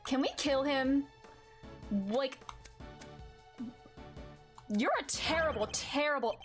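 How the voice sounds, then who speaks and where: A woman's voice: high voice, takes it slowly, long pauses, faint music behind. Emotional woman streamer reacting to a game. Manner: emotional, exclaiming, swears freely. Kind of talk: casual gameplay commentary.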